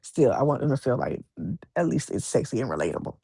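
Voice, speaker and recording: Woman novelist guest, animated storyteller, husky tone, dry recording. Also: a bass voice, fast talker, dry recording. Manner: animated, acts out quoted voices, many restarts. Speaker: romance author guest. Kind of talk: casual interview storytelling.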